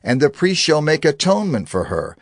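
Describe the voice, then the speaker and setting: A man giving a measured, expressive scripted narration of scripture. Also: on the high side, no room sound, clean studio sound.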